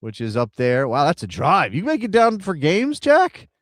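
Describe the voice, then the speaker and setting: A man's voice: fairly high pitch, wildly swooping pitch, moderate pace, dry recording, clean studio sound. Rambling, chatty male live-stream host. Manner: rambling, chatty, thinks aloud while reading chat names. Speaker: soccer show co-host. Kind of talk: casual live-stream chat.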